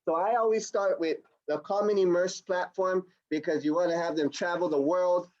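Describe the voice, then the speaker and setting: A man giving an energetic, repetitive sales training demo on a video call. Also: high voice, normal speed, dull audio. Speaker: product demonstrator. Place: home or office on a video call.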